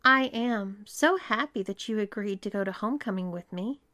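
A woman voicing an earnest young man on a date, speaking gently and reassuringly. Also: medium pitch, moderate pace, no echo, studio quality, natural voice. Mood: gentle.

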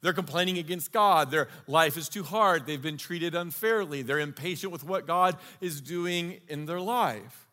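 Male pastor, slightly high voice, earnest conversational sermon, long hall reverb. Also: normal speed, few pauses, pushed and bright.

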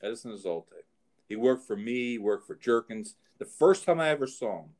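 A man's voice: mid-range voice, expressive, fairly quick, darkish tone. A middle-aged man, a show host and horse trainer, telling rambling anecdotes in casual chat. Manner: rambling anecdotes, frequent restarts.

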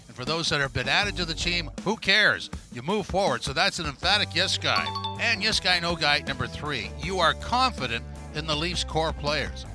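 A man hosting a podcast, delivering emphatic verdicts in an upbeat way. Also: fairly high pitch. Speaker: podcast host. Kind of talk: scripted segment hosting.

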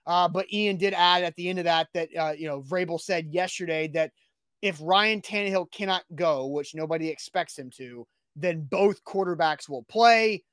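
A man co-hosting a sports talk show, arguing his points emphatically and getting animated as he makes his case. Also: fairly high pitch, moderate pace, no room sound, clean studio sound.

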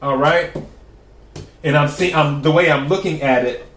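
Man, tarot reading, slightly high voice, calm steady delivery, roomy echo. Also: normal speed. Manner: calm, repeating questions to the cards. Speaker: tarot reader.

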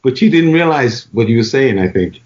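A man on a casual comedy podcast as a guest comedian, laid-back and quick to laugh. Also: noisy background. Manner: laid-back, laughs often, lively swings in pitch. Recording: dull lo-fi sound.

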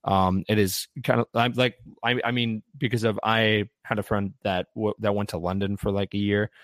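Rambling low-voiced man. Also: flat delivery, moderate pace, dry recording, studio quality. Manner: rambling, lots of restarts and fillers. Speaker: podcast co-host. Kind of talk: casual fan chat.

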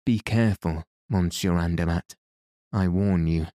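A man's voice: deep voice, a little slow, dark tone, dry recording, studio quality. A man reading the lines of a defiant, sneering male swindler in an audiobook.

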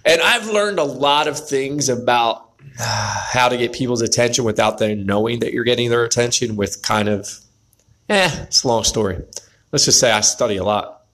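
A man's voice: mid-range voice, moderate pace, fairly bright tone. A man telling a story to the camera as a motivational pep talk, often checking in with "right?" and speaking straight to other men. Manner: pep-talk, addresses viewers directly, repeats "right?". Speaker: vlogger.

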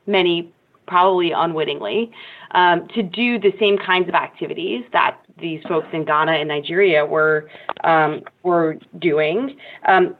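A woman speaking as a guest expert in a panel discussion, measured and analytical, with frequent ums. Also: lowish voice. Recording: tinny phone-like remote line.

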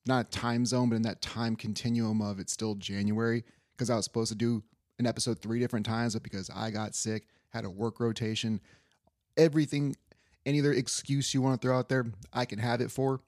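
A man's voice: mid-range voice, fairly even intonation, brisk, a little mellow, no echo, studio quality. A young man hosting a casual sports podcast, rambling loosely and swearing offhand. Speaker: podcast host.

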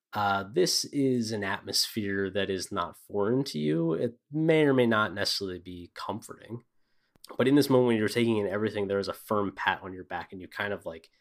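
A man narrating as a game master of a tabletop role-playing game, describing scenes with frequent fillers. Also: fairly low pitch.

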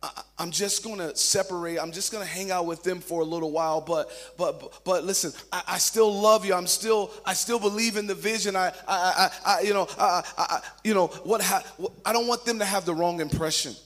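A preacher doing a stammering, evasive Peter. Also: male voice, sits high, fast, few pauses, fairly bright tone, long reverb tail, soft background music. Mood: hesitant. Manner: hesitant, stammering excuses. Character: apostle Peter, anxious, evasive grown man.

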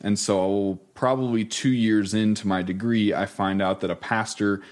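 A young man answering interview questions in a calm, measured way. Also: fairly low pitch. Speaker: guest. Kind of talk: casual interview talk.

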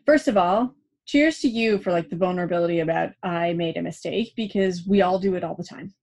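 A young adult woman hosts a parenting podcast, giving casual advice in a lowish, slightly mellow voice at a fairly quick pace. She's chatty, acts out quoted dialogue, and leans on "like" constantly.

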